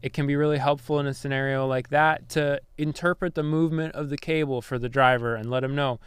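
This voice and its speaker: A man talking as a podcast guest, calmly explaining his work and laughing easily. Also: on the high side, a little fast, clean tone, no echo, studio quality. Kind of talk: casual chat.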